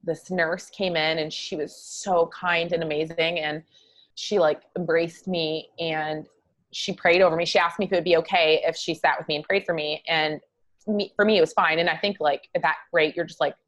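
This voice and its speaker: A woman guest telling her own story in an interview, earnest and halting, with many fillers. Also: deep voice, steady tone. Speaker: guest psychologist.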